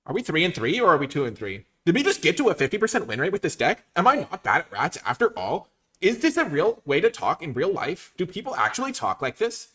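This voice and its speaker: A man narrating his card game matches, his fairly high voice leaping all over the place. He drops into low muttering while working out plays, then bursts into loud, theatrical boasting. The tone is bright and sharp. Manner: swings from quiet muttered analysis to loud theatrical cheering; mock-grandiose bragging. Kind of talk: gameplay commentary.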